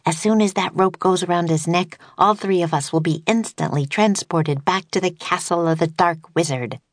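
A woman reading an audiobook voices a stern, commanding girl from a dark magic world. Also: lowish voice, moderate pace, dry recording, studio quality, lightly acted. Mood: cold. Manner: cold, commanding.

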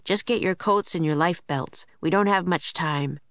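A woman voicing a calm young boy who speaks in a steady, matter-of-fact way. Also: on the low side, normal speed, no echo.

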